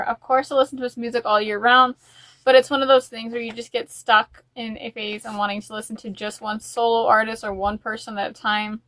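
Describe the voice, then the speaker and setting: A woman's voice: fairly high pitch, a bit bright, dry recording. A woman chatting in a casual music vlog, rambling and openly emotional. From United States. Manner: chatty and rambling, with fillers and restarts. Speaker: music vlogger.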